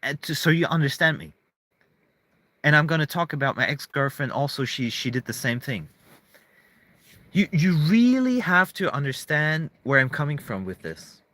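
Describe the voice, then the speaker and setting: A man's voice: fairly high pitch, very animated, normal speed, pushed and bright, dry recording. A man in a casual, rambling monologue to camera, emphatic, swearing often and restarting his sentences. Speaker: vlogger.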